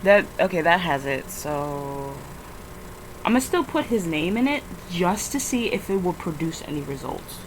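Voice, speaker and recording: A woman's voice: lowish voice, very animated, unhurried, a little hiss or hum, low-quality recording. A tired woman rambling through a casual screen-recording vlog, swearing often and flaring into frustrated outbursts. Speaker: vlogger.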